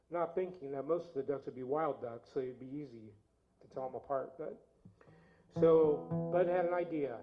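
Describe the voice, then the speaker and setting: A man leading a church service, telling a homespun family story in a relaxed, chatty way. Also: on the high side, normal speed. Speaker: lay service leader and storyteller. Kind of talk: folksy storytelling with guitar songs. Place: church sanctuary. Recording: dull lo-fi recording with loud guitar. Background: guitar playing.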